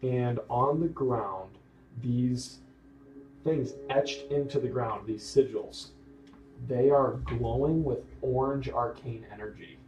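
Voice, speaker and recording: A man's voice: medium pitch, takes it slowly. Roomy, distant game master man. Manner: relaxed, conversational narration with fillers. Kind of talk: narrating a tabletop game. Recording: roomy, distant mic, faint background noise.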